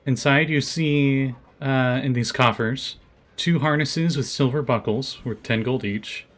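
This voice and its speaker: A man narrating as game master for a tabletop game, describing rooms with relaxed fillers. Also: medium pitch, a little slow.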